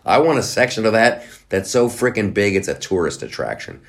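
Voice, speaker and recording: A man's voice: fairly low pitch, very animated, brisk, gravelly, a bit bright. A middle-aged man hosting a podcast, talking in a sarcastic, rambling way with many restarts. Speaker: podcast host. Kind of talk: casual monologue.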